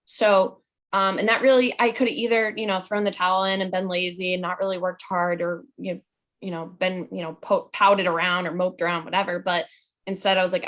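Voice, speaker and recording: A woman's voice: on the low side, level tone, fairly quick, a bit bright. A young adult woman chatting as a podcast guest, playful and full of fillers like "like" and "um". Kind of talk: casual podcast chat.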